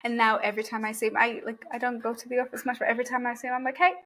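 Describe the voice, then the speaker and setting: A frank, chatty woman in her thirties hosts a casual podcast conversation. Her voice sits a little high, and she slips quoted remarks into her stories without any fuss. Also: flat delivery, rapid-fire, fairly bright tone, a little hiss or hum. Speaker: podcast host.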